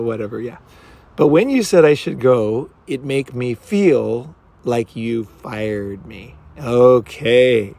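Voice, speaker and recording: A man's voice: medium pitch, darkish tone. A man giving casual, rambling commentary as a dating coach. He talks bluntly, swears freely and keeps asking "right?".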